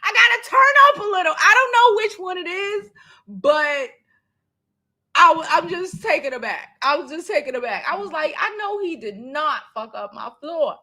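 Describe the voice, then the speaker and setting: A woman's voice: very high voice, animated, moderate pace, pushed and bright. A woman hosting a casual vlog from her apartment, telling stories with laughter and swearing, and reacting to her viewers. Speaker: vlogger host. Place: apartment in a large city.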